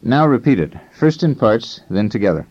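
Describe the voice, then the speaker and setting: A man narrating an instructional language course in a measured, explanatory way, telling learners when to listen and repeat. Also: medium pitch, very animated, a little mellow. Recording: dull lo-fi course recording.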